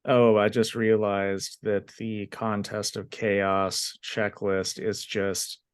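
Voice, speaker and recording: Slow-talking man reviewing comics. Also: fairly low pitch, smooth, no room sound. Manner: relaxed, unhurried, frequent fillers. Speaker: podcast co-host. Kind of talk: casual comic book review chat.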